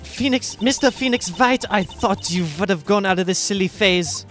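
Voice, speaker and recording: A man voicing a haughty, scornful female prosecutor in a read-aloud game, imperious and sneering, raising his voice high. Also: moderate pace, soft background music. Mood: mocking. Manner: imperious, sneering, shouting accusations. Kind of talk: reading a game script aloud.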